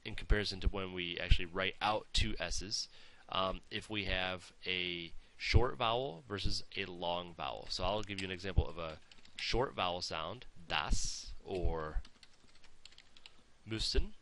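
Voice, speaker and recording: A language teacher with a deep voice gives a pronunciation lesson, patiently overemphasizing each sound and checking in with "okay?" as he goes. He speaks at a measured pace with few pauses, his delivery pushed and bright. There is slight background noise.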